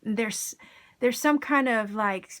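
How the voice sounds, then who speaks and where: A woman's voice: on the high side, takes it slowly, fairly bright tone. A woman giving a casual tarot reading to her viewers, enthusiastic and encouraging, with plenty of slang. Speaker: tarot reader.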